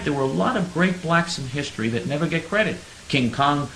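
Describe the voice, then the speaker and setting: A man's voice: a little high, animated, a little fast, few pauses, a bit bright, echoey room, slight background noise, low-quality recording. A man hosting a talk radio show, telling stories in a mock-naive, sarcastic way. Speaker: radio host.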